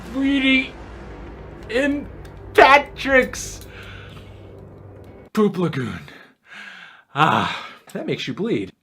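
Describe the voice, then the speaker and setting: A man doing a jokey try-not-to-laugh challenge commentary, excitable, breaking into yelps and shouted laughs. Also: high-pitched, slight background noise. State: in pain from a self-inflicted penalty. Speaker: YouTuber.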